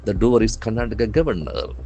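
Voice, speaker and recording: A lower-pitched Indian English man runs a newspaper vocabulary lesson, his voice rising and falling in wide swings. He spells words out letter by letter and says each one again slowly for learners to follow. Soft music plays faintly behind him. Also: big pitch swings, vocal fry, highs cut off. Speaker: English trainer.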